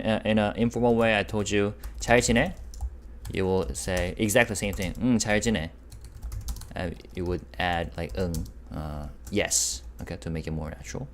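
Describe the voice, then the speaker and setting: A man teaching a casual online language lesson. He is patient, repeats his examples, asks the viewers questions, and jumps up in pitch on key words. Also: moderate pace, slight background noise.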